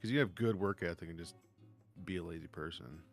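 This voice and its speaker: A man co-hosting a podcast, telling stories in a casual, profane, animated way. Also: deep voice, fairly quick, faint music behind. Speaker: podcast co-host. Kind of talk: casual storytelling chat.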